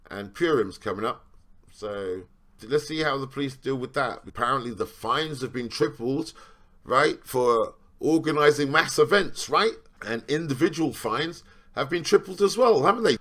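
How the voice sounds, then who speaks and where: A man's voice: medium pitch, lively intonation, normal speed, a bit bright. Sarcastic man reading a news article. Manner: rambling, repeats "right?" for emphasis; sarcastic, questioning. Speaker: vlogger commenting on a news article. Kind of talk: reading aloud and commenting.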